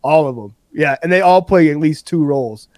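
A man co-hosting a podcast in loose, excited chat about a comedy film. He swears freely and keeps breaking into laughter. His voice sits a little high, and the sound is dry and close to the mic. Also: a little fast, no echo. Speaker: podcast co-host. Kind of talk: casual movie chat.

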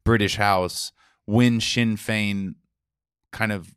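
A man in his forties with a very low voice hosts a casual podcast chat. He explains things loosely, swearing now and then. The sound is close and dry. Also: steady tone, a bit bright, smooth, no room sound. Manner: loose, profane storytelling with quick asides. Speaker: podcast host.

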